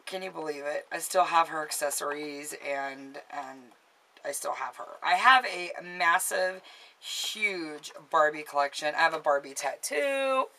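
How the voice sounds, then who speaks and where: A woman's voice: low voice, animated, measured pace, pushed and bright, low-quality recording. A woman in her late thirties chatting casually in a show-and-tell vlog, rambling and restarting, sentimental and easily moved. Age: late 30s. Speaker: vlogger.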